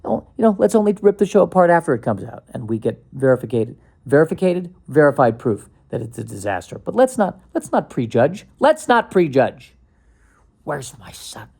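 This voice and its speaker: A man's voice: mid-range voice, sing-song, a little fast, vocal fry, hardly any pauses, dark tone, husky. A man hosting his own podcast, rambling casually with sarcasm, restarts and bursts of mock panic. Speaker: podcast host.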